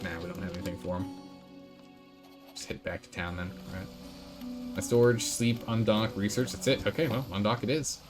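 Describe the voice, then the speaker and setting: A man's voice: lowish voice, steady tone, moderate pace, long pauses. A man streaming a game, chatting casually and thinking aloud as he reads the game text. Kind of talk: casual let's-play commentary. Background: game music.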